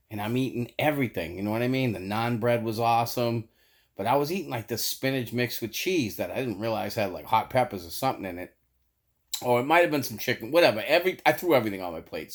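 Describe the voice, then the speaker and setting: Casual guy, young, medium pitch, swears a lot and laughs through his own story. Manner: profane, animated, laughs mid-sentence. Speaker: storyteller vlogger.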